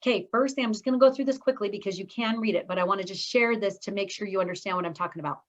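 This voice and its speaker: A woman speaking coach teaching an online course, talking fast and breaking it up with pauses and stressed words. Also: mid-range voice, dull audio. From Scotland. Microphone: video call.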